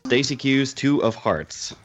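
A man reading out trivia questions on a podcast, measured and deliberate. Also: medium pitch, animated, faint music behind. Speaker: trivia quizmaster. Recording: dull lo-fi sound.

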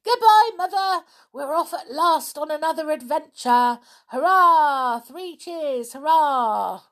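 A woman reading a children's storybook aloud, voicing an excitable young girl with a breathless, gushing manner. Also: lowish voice, measured pace, creaky, slightly rough, full character voice. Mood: jubilant.

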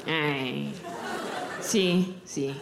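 A tiny, ancient Mexican great-grandmother, put on by a woman, clucks and coos in a low, drawn-out Mexican Spanish voice, fond and teasing. Her voice swoops up and down a great deal. A loud stand-up crowd and room noise fill the background. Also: wildly swooping pitch, roomy sound, exaggerated voice. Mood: doting. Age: over 100. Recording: live stage mic with loud crowd.

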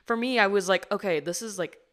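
A woman's voice: medium pitch, fairly quick, a bit bright. A young woman hosting a podcast in casual interview chat, talking in a chatty way full of "like". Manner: chatty, heavy use of "like", conversational. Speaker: podcast host.

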